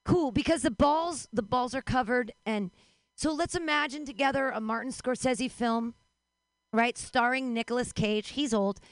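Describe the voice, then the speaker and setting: A woman hosting a comedy show and doing a stand-up bit, quick and conversational as she builds an absurd joke. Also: fairly high pitch, no room sound. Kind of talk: stand-up set.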